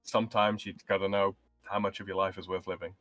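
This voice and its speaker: Low-voiced man musing on a stream. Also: flat delivery, a bit bright, no echo, faint music behind. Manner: measured, thoughtful, a bit hesitant. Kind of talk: casual live-stream chat.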